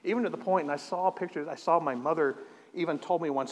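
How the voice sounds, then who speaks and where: Male preacher, high voice, earnest testimony delivery, halting restarts, long reverb. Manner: earnest, repeats words at starts of phrases. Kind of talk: sermon with personal testimony.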